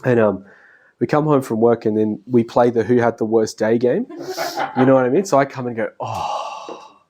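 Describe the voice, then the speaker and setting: A man's voice: medium pitch, a little fast, mellow. A middle-aged man giving a casual spoken lecture, chatting, laughing often and acting out the voices of family members. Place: classroom.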